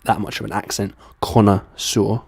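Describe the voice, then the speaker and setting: A man's voice: on the low side, little pitch movement, moderate pace, vocal fry, a little mellow, husky, no echo. A man from London with a London accent, chatting casually as he explains accents and drifts between registers. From London, England. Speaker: accent video host.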